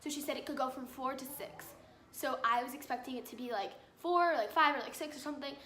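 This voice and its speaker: Teen girl vlogger, high bright voice, exasperated storyteller, echoey room. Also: fast, a little hiss or hum. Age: teens. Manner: exasperated, filler-heavy retelling. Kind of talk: storytime vlog. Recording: roomy echo with faint ambience.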